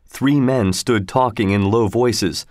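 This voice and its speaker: A man narrating a storybook in a steady, measured reading. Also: lowish voice, no echo.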